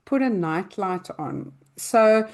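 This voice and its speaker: An older woman hosting a parenting advice show and answering listener questions, calmly explaining with everyday examples in loose, conversational speech. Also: mid-range voice, slow. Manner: loosely spoken, with restarts and fillers.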